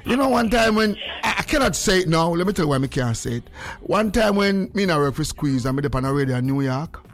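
Casual radio chat, older Jamaican man, lively laughing storyteller, light music underneath. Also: fairly high pitch, quick pace. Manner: animated, laughing, patois-heavy storytelling. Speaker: radio host.

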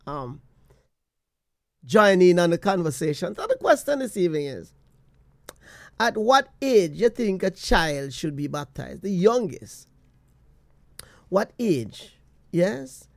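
Male radio host taking calls, slow and measured, dry close sound. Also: high-pitched, big pitch swings, gravelly, no room sound. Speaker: radio talk show host. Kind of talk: call-in radio hosting.

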